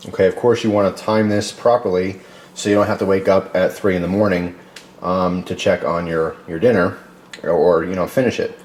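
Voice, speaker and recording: A man hosting a casual home cooking video, talking loosely with many fillers and pausing to taste. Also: low voice, steady tone, a little mellow, a little hiss or hum. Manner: rambling, loose, tasting food mid-talk with filler words.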